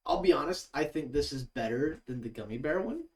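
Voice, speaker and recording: Young man, joking stream chatter, swinging pitch, full and hiccuping. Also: expressive, a little fast, breathy edge. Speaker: streamer co-host. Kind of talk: casual stream chat.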